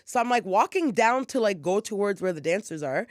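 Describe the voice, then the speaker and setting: A woman co-hosting a casual podcast, spinning a story in a loose, rambling way, full of fillers and profanity. Her voice sits at a middle pitch. The sound is dry and close, with no room in it. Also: expressive, brisk, no room sound. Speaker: podcast co-host. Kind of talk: casual chat.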